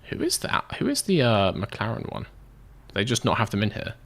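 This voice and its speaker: A man's voice: fairly low pitch, huge pitch swings, moderate pace, gravelly, a bit bright. A man giving casual gameplay commentary as a game streamer, in a sarcastic, self-mocking and joking way.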